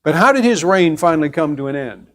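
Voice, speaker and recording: Man teaching a Bible class, slightly high. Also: lively intonation, fairly bright tone. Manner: conversational, explains step by step with pauses and restarts; asks the class questions. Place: church classroom.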